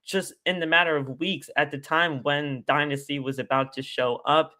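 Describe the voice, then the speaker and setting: Speaking at normal speed in a slightly high voice, this man is a guest on a relaxed live stream. He goes on at length, animated and rambling, circling back to the same stock phrases.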